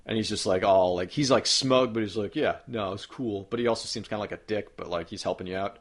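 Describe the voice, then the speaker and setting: A man's voice: on the low side, fast talker. A man in casual podcast chat, rambling enthusiastically as he retells a video game and swears casually.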